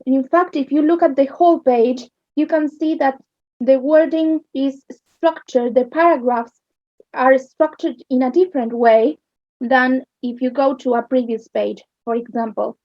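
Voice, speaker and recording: A woman with an Argentine accent teaches a literature lesson in a slow, patient voice that sits high. She keeps checking in with her listeners as she goes. The recording is dry and a little dull. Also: steady tone, no room sound. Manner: explains slowly, checks understanding with "yes?". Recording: dull lo-fi sound.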